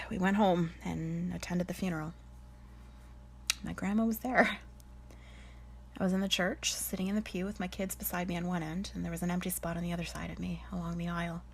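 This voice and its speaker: A woman with a husky, slightly breathy voice, sitting a little low in pitch. She tells her own story as a medium, candid and chatty, often easing down to a hushed near-whisper. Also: flat delivery, brisk, pauses often. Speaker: spiritual medium. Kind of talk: personal storytelling.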